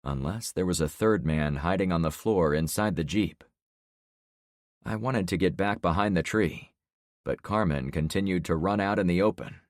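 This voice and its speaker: A man narrating a first-person survival thriller audiobook in a steady, dry storytelling delivery. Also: sits low, normal speed, no room sound.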